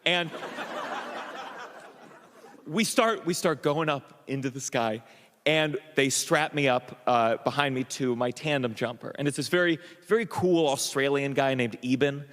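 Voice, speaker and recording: A man doing a stand-up comedy set, telling an animated story full of stammers and restarts, acting out the voices of the people in it. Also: mid-range voice, unhurried, big-room sound. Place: comedy club stage. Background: audience laughter.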